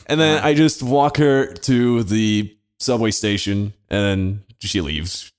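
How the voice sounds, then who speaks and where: A man's voice: medium pitch, normal speed, hardly any pauses. A man co-hosting a podcast, telling a story casually with lots of swearing and laughter. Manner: profane, animated, laughing while telling. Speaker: podcast co-host.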